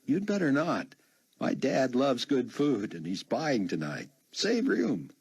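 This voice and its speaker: A man voicing a teasing young woman college student, bright and quick-witted. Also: mid-range voice, sing-song, slightly rough, pitched above the performer's own voice, heavily acted. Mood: playful.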